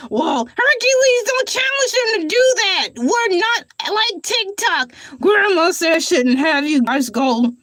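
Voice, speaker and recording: A woman's voice: very high-pitched, fairly bright tone, no echo, heavily acted. A woman voicing a boastful male shark who hosts his own show, talking in a grandiose, rambling, self-praising way. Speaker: host. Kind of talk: character livestream show.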